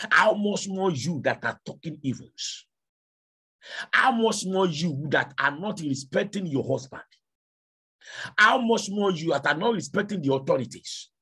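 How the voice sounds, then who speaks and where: A male preacher delivering a sermon, repeating rhetorical questions with a raspy voice. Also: on the high side, bright, forceful tone.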